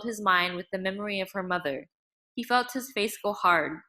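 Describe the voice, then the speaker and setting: Bright-voiced woman narrating a novel. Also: mid-range voice, moderate pace. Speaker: audiobook narrator.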